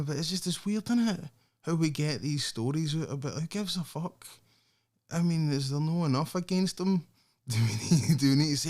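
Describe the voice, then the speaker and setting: A man's voice: a little high, animated, moderate pace, darkish tone. Scottish guy ranting solo on his podcast, swears a lot, keeps laughing. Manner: sweary, laughs often, sardonic. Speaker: podcast host.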